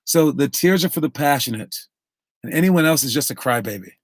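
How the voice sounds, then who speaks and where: A man's voice: on the high side, animated, fairly quick, no echo, studio quality. A man who coaches basketball, talking casually on a live stream, lecturing through a story and acting out the quotes.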